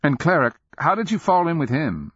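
A man's voice: on the high side, big pitch swings, a bit bright, husky, no echo, muffled recording, voice pushed up, full character voice. A man voicing a probing young woman. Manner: questioning, quick to press.

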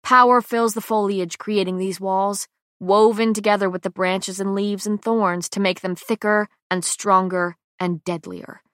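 A woman reads a first-person audiobook in a tense, dramatic manner, often dropping to hushed lines. Her voice sits at an ordinary middle pitch. The booth recording is close-miked and completely dry, with no room sound. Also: fairly even intonation, measured pace, no echo. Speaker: audiobook narrator.

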